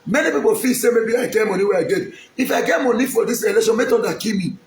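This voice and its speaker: With a Nigerian accent, a man from Edo State who hopes to become a local politician pleads emphatically to the camera, repeating his lines. He talks fast in a high, animated voice, and the recording is roomy with slight background noise.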